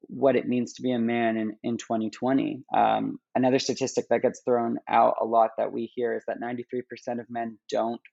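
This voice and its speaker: Guy on a podcast, kinda monotone and croaky, lots of ums and restarts, dry dull audio. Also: mid-range voice, no room sound. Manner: halting, many restarts and fillers. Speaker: guest, app founder. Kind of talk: casual interview talk.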